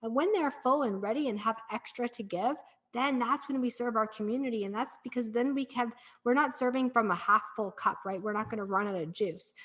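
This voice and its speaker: Earnest, encouraging woman, slightly high voice. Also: fairly quick, fairly bright tone. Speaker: podcast guest, breathwork practitioner. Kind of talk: casual podcast conversation.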